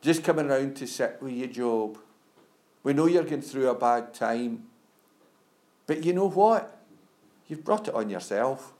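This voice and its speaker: A man voicing Job's smug male comforters in a Scottish accent, with low, soft chiding. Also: expressive, unhurried, long pauses, lightly acted. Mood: smug scolding.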